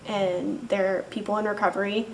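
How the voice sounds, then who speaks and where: A young woman giving a personal testimony in an emotional, halting way, saying "like" again and again. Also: medium pitch, little pitch movement. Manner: emotional, halting storytelling, says "like" constantly. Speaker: interviewee sharing recovery testimony. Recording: distant mic with faint background noise.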